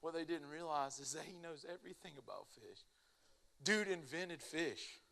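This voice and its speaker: A young man preaching a casual, animated sermon, telling stories in an everyday way. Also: on the high side, normal speed, creaky. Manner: animated, casual storytelling with lots of "like".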